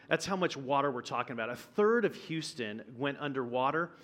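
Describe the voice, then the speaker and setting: A guest pastor telling a personal story in a sermon, conversational and vivid, acting out the quotes. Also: male voice, a little high, fairly bright tone. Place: church auditorium.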